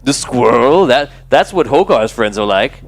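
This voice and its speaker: A man's voice: mid-range voice, animated, a little slow, vocal fry, pitched above the performer's own voice. A teenage half-giant bully who jeers and goads his rival with a raised, sneering voice, as a man puts him on. He taunts in a smug, singsong way. It sounds like a schoolyard tormentor in a fantasy game. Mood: mocking. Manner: mocking, sneering.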